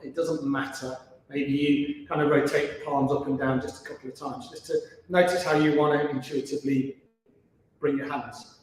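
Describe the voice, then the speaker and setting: A man leading a gentle beginner yoga class in a relaxed, chatty, encouraging way. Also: a little high. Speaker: yoga teacher. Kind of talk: gentle guided yoga instruction. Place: yoga studio, indoors. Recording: very echoey, reverberant room.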